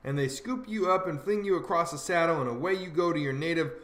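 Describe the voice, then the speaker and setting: A man's voice: on the high side, fast, a bit bright, close to an everyday voice. A man voicing a bossy, know-it-all teenage boy who lectures in folksy dialect, in an audiobook reading. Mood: lecturing. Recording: roomy echo.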